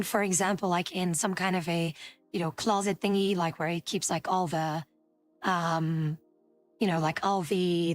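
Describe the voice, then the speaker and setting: A woman's voice: medium pitch, no room sound. Rambling woman streamer telling a story. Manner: rambling, many fillers and restarts. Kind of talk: casual storytelling to chat.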